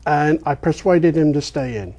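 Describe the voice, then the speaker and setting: An older man from England with an English accent that keeps its R's, answering interview questions as a guest in a rambling storytelling way with many ums and pauses. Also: fairly high pitch, lively intonation, darkish tone. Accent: English, pronouncing his R's. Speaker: guest, real estate investor.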